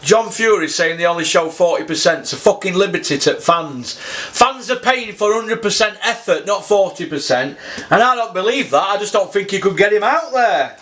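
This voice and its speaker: A man's voice: high-pitched, fairly bright tone. Sweary, indignant man. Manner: blunt, sweary, indignant, with tag questions. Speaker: boxing commentator. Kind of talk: ranting commentary.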